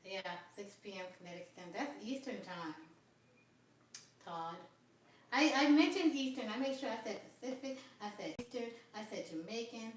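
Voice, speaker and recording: A woman's voice: fairly high pitch, lively intonation, normal speed, a little hiss or hum. Chatty woman livestreaming in an echoey room. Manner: rambling, chatty, talks to viewers. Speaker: livestream host. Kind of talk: casual livestream chat. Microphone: phone. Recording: very echoey room, far from phone mic.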